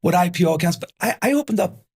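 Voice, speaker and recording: Husky energetic man in his fifties. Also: high voice, quick pace. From New Jersey. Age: 50s. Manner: energetic, punchy storyteller who repeats himself for emphasis. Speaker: guest. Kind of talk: casual interview storytelling.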